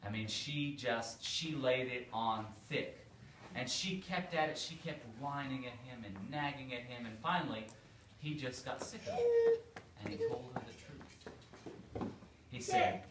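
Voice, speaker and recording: A man, a priest, telling a story to children in a playful, animated way. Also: medium pitch, unhurried. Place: church hall. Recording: echoey room, far from mic, faint noise.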